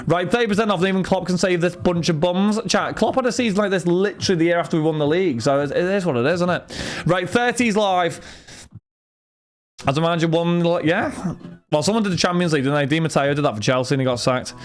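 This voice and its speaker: A man's voice: high voice, fast. Exasperated young man ranting to chat. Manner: rambling and exasperated, venting about football. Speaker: livestream host. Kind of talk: casual livestream chat with viewers.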